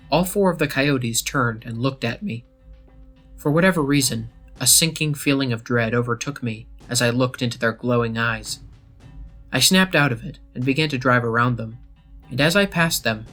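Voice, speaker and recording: Man narrating a horror story. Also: mid-range voice. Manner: steady, measured first-person telling. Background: faint background music.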